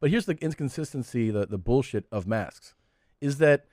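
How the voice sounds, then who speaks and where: A man hosting a podcast, telling stories in a relaxed, joking way. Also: mid-range voice, normal speed, dry recording, studio quality. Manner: laid-back storytelling with laughs. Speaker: podcast host. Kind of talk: casual podcast conversation.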